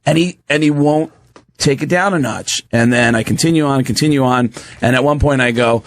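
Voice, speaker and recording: A man's voice: mid-range voice, a little fast, no room sound. A man in a radio studio telling a story in casual chat, acting out the other people's voices. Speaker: comedian on a radio show.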